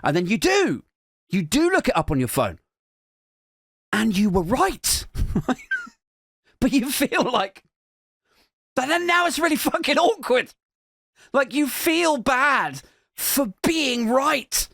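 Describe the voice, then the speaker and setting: A man's voice: very high-pitched, very animated, takes it slowly, long pauses, fairly bright tone, no echo, studio quality. A young man hosting a podcast, telling a comic, self-mocking story in a rambling way, with lots of "like". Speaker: podcast host. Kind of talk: comic monologue.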